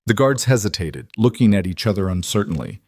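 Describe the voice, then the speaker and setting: A man narrating a fantasy romance audiobook in a steady storytelling way. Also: fairly low pitch, fairly quick, no room sound.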